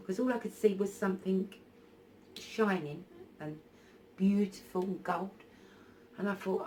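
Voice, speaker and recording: A woman's voice: lowish voice, steady tone, unhurried, darkish tone, a little hiss or hum. A woman telling a personal story in a casual vlog on her phone, hesitant and full of ums and restarts. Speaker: spiritual vlogger.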